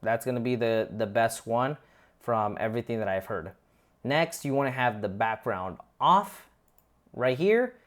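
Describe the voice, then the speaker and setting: Guy explaining app settings step by step, informal, fast bursts, restarts a lot, middle pitch. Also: animated. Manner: chatty and informal, narrates his clicks as he goes; quick bursts with frequent restarts. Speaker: tutorial host. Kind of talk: casual software walkthrough.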